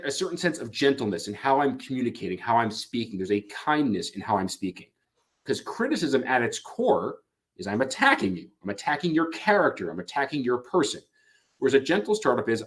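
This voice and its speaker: Male lecturer, animated pitch, plays out example lines mid-talk, frequent self-corrections. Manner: acts out quoted lines, frequent restarts and fillers. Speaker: couples therapy lecturer. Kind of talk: explanatory talk on couples therapy.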